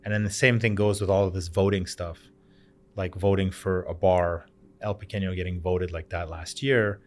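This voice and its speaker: A man's voice: low-pitched, moderate pace, a little hiss or hum. A man in his thirties from Canada, a bar owner chatting as a podcast guest, telling stories and acting out the other people's voices. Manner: animated storyteller, acts out quoted voices. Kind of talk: casual chat.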